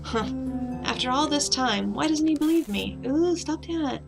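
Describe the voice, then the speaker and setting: A woman's voice: high voice, animated, a little slow, creaky, voice pushed up, heavily acted, poor audio. Woman voicing a weary sardonic detective. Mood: bitter. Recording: background music.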